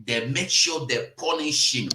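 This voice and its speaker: A Nigerian man hosts a live-streamed news commentary at an unhurried pace. His voice is bright and forceful, and he circles back on his points and repeats them, often pushing his pitch up sharply for emphasis. The sound carries a noticeable room echo. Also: slight background noise. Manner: rambling, repetitive and emphatic, with sudden rises in pitch.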